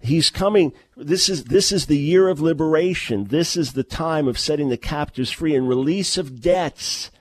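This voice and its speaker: A man's voice: a little high, normal speed, hardly any pauses, darkish tone. A middle-aged man preaching a sermon, emphatic and full of rhetorical questions, often restarting his words. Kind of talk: sermon-style teaching.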